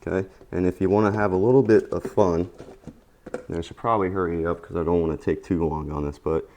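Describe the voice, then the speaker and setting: Deep gravelly-voiced tired painting teacher. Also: male voice, quick pace, dull audio, a little hiss or hum. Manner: relaxed, repetitive encouraging asides. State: tired after a long day. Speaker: painting instructor. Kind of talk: casual painting tutorial.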